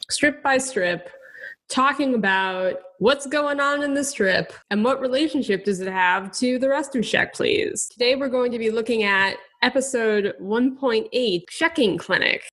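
A woman co-hosting a podcast, casually recapping a comic in a steady, chatty way with occasional wry asides. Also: fairly high pitch. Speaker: podcast co-host.

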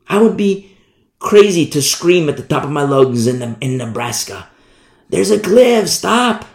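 A man preaching a sermon, telling a story with lively energy and acting out shouted warnings. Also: medium pitch, normal speed. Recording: echoey room.

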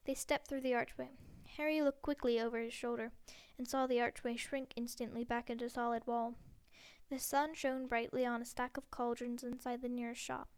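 A woman's voice: fairly high pitch, flat delivery, normal speed, clear, resonant tone. A woman reading a novel aloud, stumbling over and repeating words now and then. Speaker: reader.

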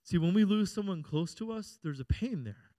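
A middle-aged pastor preaches with a high, ringing man's voice. He swings from loud calls for "Amen?" to hushed, confiding stretches. The sound is close and dry. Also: expressive, normal speed, no room sound. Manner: preaching with call-and-response "Amen?" and swings between loud and quiet. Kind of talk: sermon.

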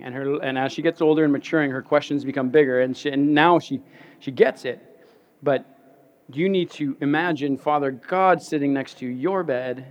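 A man, a pastor, giving an earnest, conversational sermon, often dropping to soft, quiet stretches and repeating words. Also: a little high, steady tone, moderate pace, highs cut off.

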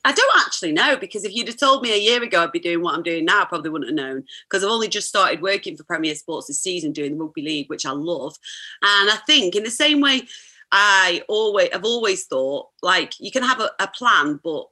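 A woman, chatting as a podcast guest, effusive and quick to laugh. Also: on the low side, lively intonation, pushed and bright. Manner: effusive, laughs often, talks in quick restarts. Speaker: podcast guest, sports presenter. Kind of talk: casual chat.

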